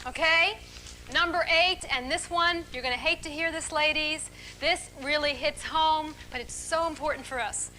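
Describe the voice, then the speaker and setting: A middle-aged woman leading a seminar for a live audience, talking in an animated, emphatic and playful way. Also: high-pitched, normal speed, slight background noise. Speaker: relationship speaker leading a seminar.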